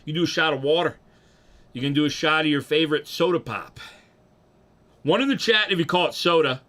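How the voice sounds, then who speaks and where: A man's voice: fairly high pitch, brisk, a bit bright. A young man, rambling and joking profanely as he chats with his livestream audience. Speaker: streamer. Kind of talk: casual livestream chat.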